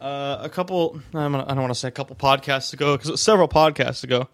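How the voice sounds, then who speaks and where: A man's voice: medium pitch, racing, no room sound. A man hosting a casual podcast over a video call, rambling and joking with plenty of fillers and restarts. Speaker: podcast host. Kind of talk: casual chat. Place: home room, on a video call. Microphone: desk microphone.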